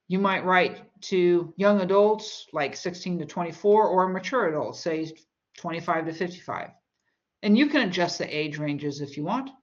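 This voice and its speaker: A woman's voice: fairly low pitch, dull audio. A woman teaching a college English course in a recorded lecture, explaining with everyday examples and chatty asides.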